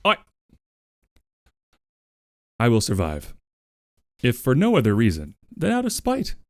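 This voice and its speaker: A man's voice: medium pitch, wildly swooping pitch, normal speed, a little mellow, no echo, studio quality. A man streaming from home, chatting casually with his viewers, playful and crude, and he often sings along to music. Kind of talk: casual live-stream chat.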